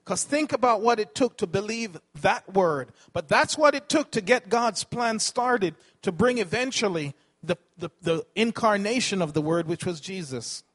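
A man's voice: high voice, lively intonation, normal speed, hardly any pauses, fairly bright tone. A man preaching a sermon, asking the congregation questions and correcting himself as he teaches.

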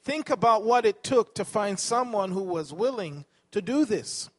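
A man's voice: high voice, lively intonation, measured pace. A man preaching a sermon, asking the congregation questions and correcting himself as he teaches.

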